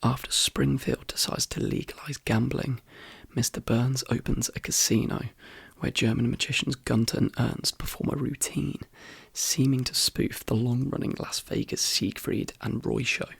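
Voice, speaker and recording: Croaky, hoarse soft-spoken ASMR man. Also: mid-range voice, moderate pace, dry recording. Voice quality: croaky whisper. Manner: rambling, relaxed, with fillers. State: hoarse, voice worn out. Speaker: ASMR channel host.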